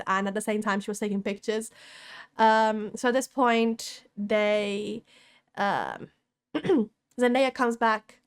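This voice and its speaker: A young woman from Italy telling an excited story to camera as a vlogger, often laughing and restarting her sentences. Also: mid-range voice, smooth.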